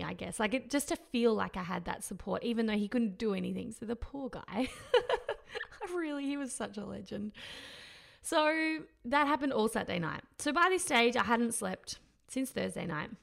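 A woman's voice: a little high, creaky. A woman, candidly telling her own story, laughing often and rambling with fillers.

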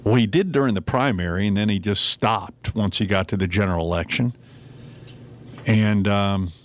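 A man hosting a talk radio show in casual chat, telling stories and acting out quotes in raised voices. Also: fairly low pitch. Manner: animated storyteller, acts out quotes in raised voices.

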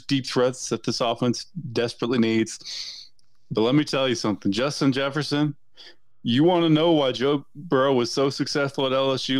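A man's voice: medium pitch, no echo. A man discussing football draft picks as a podcast guest, confident and argumentative. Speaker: NFL editor, podcast guest. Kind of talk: sports analysis chat.

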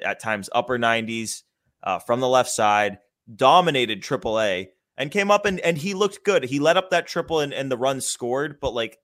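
A man with a medium-pitched, fairly bright voice hosts a podcast, chatting casually about baseball. He's enthusiastic and loose, with the odd swear.

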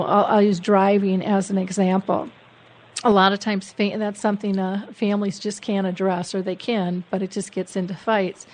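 A woman hosting a radio talk show in a relaxed, chatty way. She agrees readily and shares her own thoughts in a conversational tone, with a middle-pitched voice. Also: poor audio. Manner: conversational and agreeable, often saying "you know". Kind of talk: casual interview chat.

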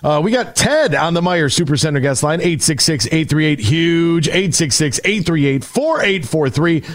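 A man hosting a call-in sports radio show, talking in an energetic, rambling way with frequent restarts. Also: a little high, moderate pace, no room sound, clean studio sound.

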